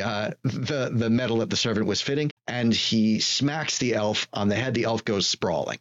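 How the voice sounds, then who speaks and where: A man narrating a tabletop role-playing game as game master, measured and descriptive with small hesitations, on a slightly dull lo-fi recording. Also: fairly low pitch, a bit bright.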